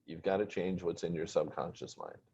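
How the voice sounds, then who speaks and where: Guy doing a calm lecturing dad voice, deep and husky, muffled audio. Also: normal speed. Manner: patient, preachy lecturing. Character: calm, lecturing wealthy father. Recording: dull lo-fi recording.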